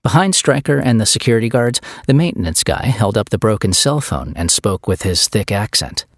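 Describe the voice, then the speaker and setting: A man narrating an audiobook in a scripted, expressive storytelling style. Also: on the low side, a little fast, dry recording, studio quality.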